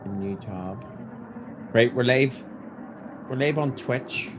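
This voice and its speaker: A man talks slowly and mutters to himself as he works through stream settings, swearing and joking along the way. Clear background noise sits behind his voice. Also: mid-range voice. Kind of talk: casual chat while setting up a stream.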